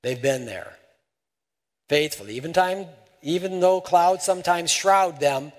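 Preacher guy, slow and emphatic, kinda high voice, repeats words, big hall echo. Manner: emphatic, repeats words for stress, swings loud and soft. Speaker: pastor. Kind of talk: sermon with closing prayer.

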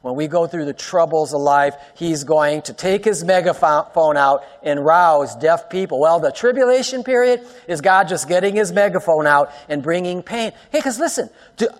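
A man preaching a sermon to his congregation, swinging between loud emphatic lines and hushed soft ones and asking the room rhetorical questions. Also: a little high, expressive, moderate pace, few pauses, in a large hall. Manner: talks directly to the congregation, asks rhetorical questions. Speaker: pastor.

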